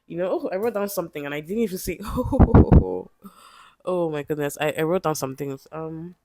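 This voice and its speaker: Low-voiced woman urging her viewers on. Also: fast, darkish tone, slight background noise. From Nigeria. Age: 20s. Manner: repetitive, pleading, emphatic encouragement. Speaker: vlogger. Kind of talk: casual motivational talk to camera.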